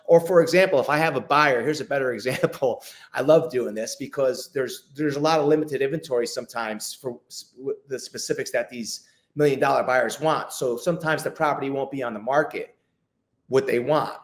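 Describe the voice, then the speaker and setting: A man's voice: fairly high pitch, moderate pace. A man, a real estate agent, talking casually as a podcast guest and acting out his calls with clients. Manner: chatty, acts out phone calls with clients, many restarts. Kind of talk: casual interview talk.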